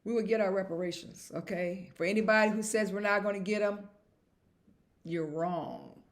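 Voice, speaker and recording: A woman's voice: mid-range voice, normal speed. A woman vlogger talking to camera in a casual monologue, emphatic and repetitive and chuckling at herself.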